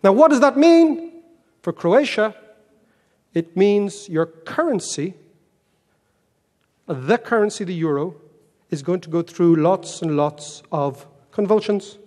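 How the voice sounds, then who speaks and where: An Irish man delivers a keynote talk full of stories, wry and self-mocking. His voice sits fairly high for a man. The sound rings with the long reverb of a big hall. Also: expressive, slow, long pauses, a little mellow. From Ireland. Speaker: keynote speaker.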